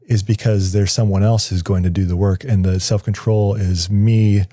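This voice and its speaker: A man's voice: lowish voice, little pitch movement, moderate pace, dark tone, no echo. A man, a guest on an interview show, tells a personal story in a studio, thinking aloud and often restarting his sentences. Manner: reflective, searching for words with frequent restarts. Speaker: guest, writer.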